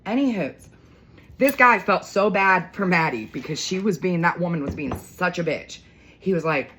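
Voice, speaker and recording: A middle-aged woman chatting on her morning vlog, venting in a blunt, cussing, storytelling way. Her voice sits a little low but swings widely up and down as she gets worked up. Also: moderate pace, a little hiss or hum. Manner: blunt, profane, animated storytelling. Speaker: vlogger. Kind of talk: casual morning vlog rant.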